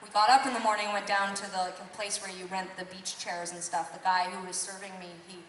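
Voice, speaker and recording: Between songs at a concert venue, a female singer rambles through a self-deprecating, apologetic story in a fairly quick, slightly bright, medium-pitched voice with little pitch movement. The stage mic runs through the PA, and the clip is filmed from the crowd, capturing a distant, echoey hall with some hiss or hum.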